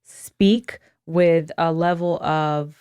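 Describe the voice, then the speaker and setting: Low, smooth-voiced woman in dry audio. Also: fairly even intonation, drawn-out words, a little mellow, no room sound. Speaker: podcast guest. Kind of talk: casual podcast chat.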